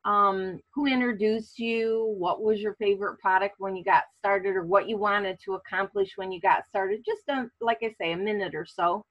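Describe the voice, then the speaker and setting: A woman hosting a casual online class, speaking in a relaxed way with many fillers. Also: mid-range voice, moderate pace, few pauses, highs cut off. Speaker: class host.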